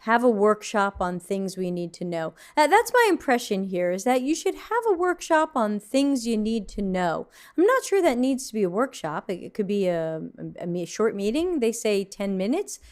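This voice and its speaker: A woman's voice: fairly high pitch, very animated, normal speed, hardly any pauses, darkish tone. A woman hosting a livestream from her desk, reacting to viewer submissions in a frank, mildly snarky way with plenty of ums and restarts. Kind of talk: casual livestream commentary.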